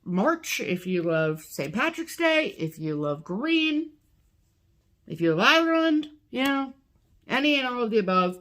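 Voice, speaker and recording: A woman's voice: fairly high pitch, big pitch swings, unhurried, fairly bright tone. A woman co-hosting a craft video show, talking casually and reading promotions in an upbeat, chatty way with plenty of fillers. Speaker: podcast co-host. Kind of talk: casual chat.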